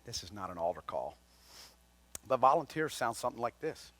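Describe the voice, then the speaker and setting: A man preaching a folksy, conversational sermon, swinging between loud and quiet. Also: medium pitch, very animated, brisk. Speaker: lay speaker at a chapel.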